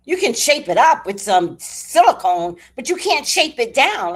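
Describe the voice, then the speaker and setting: An older woman hosting a casual stream, telling animated stories with laughter and blunt swearing. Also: on the high side, unhurried, hardly any pauses, slightly rough. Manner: animated, laughing, salty-tongued storyteller. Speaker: livestream host. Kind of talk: casual chat.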